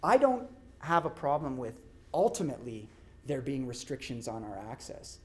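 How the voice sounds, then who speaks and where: This academic lecture comes from a middle-aged law professor addressing the public in a conversational way, repeatedly asking "right?" to check in. His medium-pitched voice is very animated and keeps a moderate pace.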